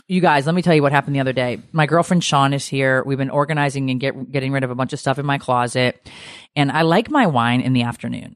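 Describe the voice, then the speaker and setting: A middle-aged woman co-hosting a podcast, telling stories in a lively, gossipy way and swearing freely. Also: very deep voice, dry recording, studio quality. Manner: animated, gossipy storytelling with swearing. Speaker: podcast co-host. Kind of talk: casual chat.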